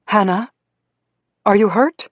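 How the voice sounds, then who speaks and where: A man's voice: takes it slowly, no echo, muffled recording. Man voicing a panicked, burned mother. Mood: anxious. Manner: strained, pleading, raised pitch. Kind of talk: audiobook dialogue.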